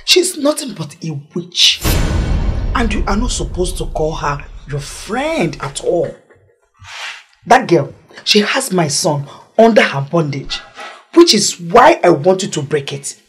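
A Nigerian woman playing a domineering, scheming mother who pushes her son to remarry, speaking loudly and emphatically. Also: fairly low pitch, big pitch swings, measured pace, husky, soft background music, exaggerated voice. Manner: loud, emphatic, cajoling. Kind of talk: Nollywood film acting.

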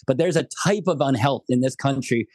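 An American man speaking as a guest on a remote interview, animated and jokey, full of quoted asides. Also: mid-range voice, brisk, dry recording. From United States. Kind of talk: podcast interview.

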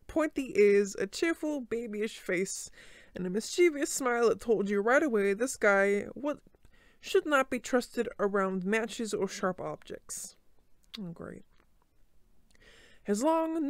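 A woman's voice: on the high side, no echo. Easygoing skeleton storyteller, woman in the role, stutters and restarts, dry close sound. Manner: stumbling, frequent restarts and stutters. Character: laid-back male skeleton reading a bedtime story. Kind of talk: listener role-play bedtime reading.

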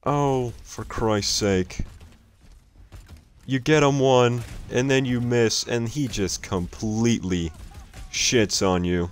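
A young man with a deep voice reacts to someone else's gameplay in casual commentary. He speaks at an unhurried pace, exasperated and swearing freely, and breaks into laughter often. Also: lively intonation.

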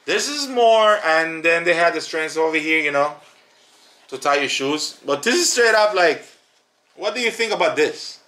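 A man whose voice sits a little high reviews a product casually for a family channel at a moderate pace. His delivery is animated and emphatic, and he repeats words to drive points home.

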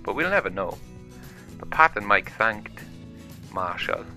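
A man's voice: on the low side, sing-song, a little slow, sharp tone, soft background music. A man improvising a toy play story, narrating it in a chatty, plain way.

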